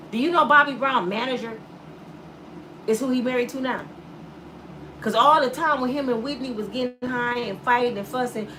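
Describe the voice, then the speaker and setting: A woman YouTuber giving blunt, animated commentary to her viewers and acting out the voices of people she quotes. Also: on the high side, far from the mic, background noise. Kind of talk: casual commentary to camera.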